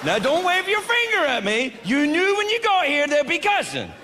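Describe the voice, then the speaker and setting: Lively man doing stand-up. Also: very high-pitched, moderate pace. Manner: animated, shouting punchlines, putting on mock voices. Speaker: stand-up comedian. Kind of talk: stand-up comedy set. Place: large theatre with a live audience. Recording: live show with loud crowd noise.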